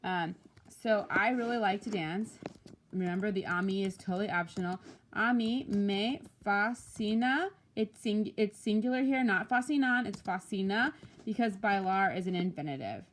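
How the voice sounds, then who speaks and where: A woman Spanish teacher walking through homework answers, explaining patiently and slowing down to pronounce each Spanish example. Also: medium pitch, slight background noise. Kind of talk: recorded homework walkthrough.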